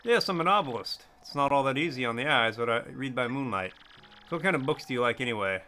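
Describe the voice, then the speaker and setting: A man's voice: medium pitch, expressive, quick pace, pushed and bright, soft background music, voice pushed down. A man voicing a condescending male novelist character in a video game. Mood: snooty.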